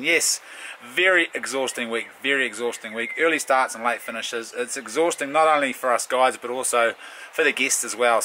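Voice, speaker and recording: A man's voice: medium pitch, pushed and bright, a little hiss or hum. A middle-aged man with a New Zealand accent, telling blunt, laid-back stories in a casual vlog as a bush guide.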